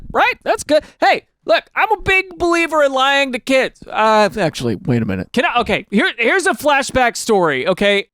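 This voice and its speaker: A man hosts a casual comedic chat, reacting to stories and slipping into exaggerated voices for quotes. His voice sits high and swings widely in pitch. The tone is smooth and clear, and the sound is dry and close. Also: fairly bright tone, no echo. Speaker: host.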